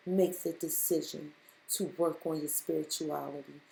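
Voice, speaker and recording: With a low, warm voice touched by vocal fry, a woman gives a spiritual tarot reading at normal speed and fairly even intonation. She talks right to the listener, emphatically repeating her points, and the audio carries a roomy echo.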